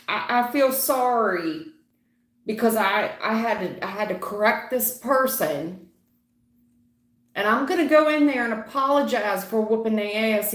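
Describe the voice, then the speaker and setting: A middle-aged woman doing a live tarot reading, blunt and slangy, teasing and animated as she talks to viewers. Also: medium pitch, roomy sound. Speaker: tarot reader.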